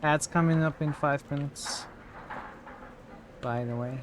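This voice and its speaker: A man's voice: on the high side, steady tone, slow pace, noisy background. Man thinking aloud over gameplay. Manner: thinks aloud, self-correcting, reacts with surprised exclamations. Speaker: streamer playing a tactics game. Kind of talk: casual live gameplay commentary.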